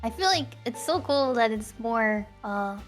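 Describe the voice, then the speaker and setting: A young woman hosting a stream, chatting casually, giggly and quick to agree with lots of "yeah, yeah". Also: fairly high pitch, animated, faint music behind. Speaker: streamer host. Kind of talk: casual chat.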